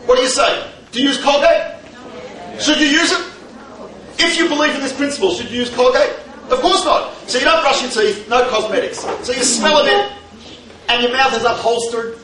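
Brief: male lecturer, very high, bright voice, animated with rhetorical questions, recorded from far off in an echoey hall. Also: normal speed. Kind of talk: humorous lecture to a live audience. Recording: echoey hall, distant mic, faint noise.

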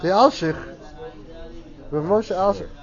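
A man teaching a Torah class to a small group, with lively sing-song emphasis on key words. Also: high voice, measured pace, soft background music. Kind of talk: Talmudic lesson to a small class. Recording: dull lo-fi classroom recording.

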